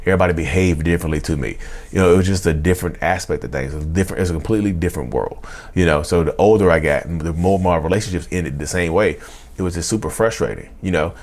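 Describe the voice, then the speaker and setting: A man in his thirties telling his own story straight to viewers, who keeps saying "y'all" and "you know" and acts out his old outbursts in a loud, raised voice. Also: quick pace. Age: 30s. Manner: animated, acts out past outbursts in a loud high voice. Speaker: vlogger. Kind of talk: confessional storytelling.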